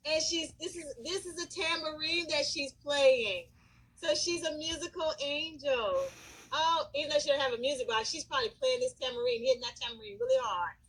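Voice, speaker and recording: A middle-aged school counselor chats to the camera in a bright, high voice. She tells stories with lots of energy and acts out what people said. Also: a little fast, creaky, low-quality recording. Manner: animated, lively storyteller who breaks into excited shouts and acts out quotes. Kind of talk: casual storytelling to camera.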